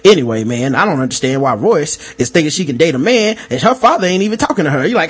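Man, podcast co-host, high voice, lively pitch, profane and emphatic. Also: quick pace, hardly any pauses, husky. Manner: profane, emphatic, mimics others. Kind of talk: casual chat.

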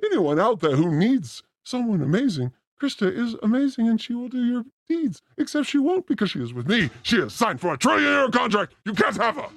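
A man's voice: very high-pitched, sing-song, fairly quick, hardly any pauses, slight background noise. A man hosting a podcast with a crude, theatrical, joking manner. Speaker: podcast host. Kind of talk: crude casual banter.

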